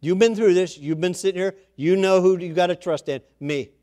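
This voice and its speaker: A man preaching puts on the voice of God speaking calmly and reassuringly to a believer in a sermon. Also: high-pitched, brisk, lightly acted.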